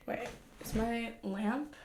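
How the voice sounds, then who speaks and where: A young woman livestreams from a room in her home, chatting casually with viewers and grumbling about herself in a self-deprecating way. Her voice sits fairly high and she speaks slowly. The room sounds echoey, with a faint hum in the background.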